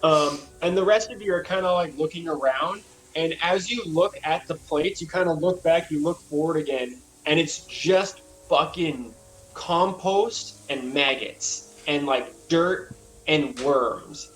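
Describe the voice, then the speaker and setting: A man's voice: fairly high pitch, measured pace, a bit bright, faint music behind, rough recording. A man running a tabletop game as game master, describing scenes in a loose, rambling way, full of fillers and swearing.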